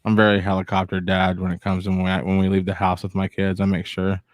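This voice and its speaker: A man co-hosting a live talk show, a father who tells stories in a lively, slangy way. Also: sits low, fast talker, no room sound, clean studio sound. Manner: animated storyteller, casual slang. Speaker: co-host of a missing persons show. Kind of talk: casual live-stream talk.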